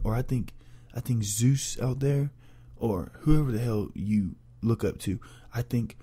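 A young man in a crude, rambling comedic rant, loud and profane as a vlogger. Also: mid-range voice, husky.

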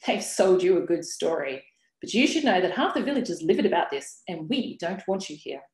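An author puts on a bitter elderly village woman who hisses and snaps her accusations at her new neighbour. The voice sits low and comes through a roomy, echoey webinar recording. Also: big pitch swings, a little fast. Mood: scornful. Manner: sharp, hissing, snapping accusations. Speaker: author reading from her novel.

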